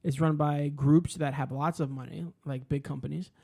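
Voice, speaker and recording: Gravelly-voiced joking podcast co-host, a man. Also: a little high, moderate pace. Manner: joking, profane, animated storytelling. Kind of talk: casual podcast chat.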